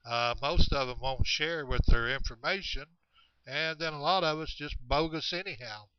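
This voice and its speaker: A man telling a long story about hunters in the woods, halting often with fillers and restarts. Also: on the high side, smooth, no room sound. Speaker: storyteller of Bigfoot encounters. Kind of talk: rambling spoken storytelling. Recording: dull, muffled recording.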